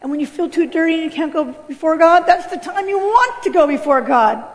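High-voiced woman giving a church testimony. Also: brisk. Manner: animated, acts out voices in her story. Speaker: testimony speaker. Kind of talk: spoken testimony sermon. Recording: long hall reverb.

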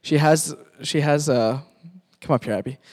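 A man's voice: a little high, normal speed, darkish tone. A man from Pakistan, a pastor, animatedly narrating a sermon skit and directing volunteer actors.

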